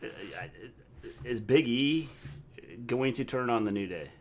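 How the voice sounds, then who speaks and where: Middle-aged man, casual co-host, dry teasing humor, average pitch. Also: animated, a little slow. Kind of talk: casual livestream chat.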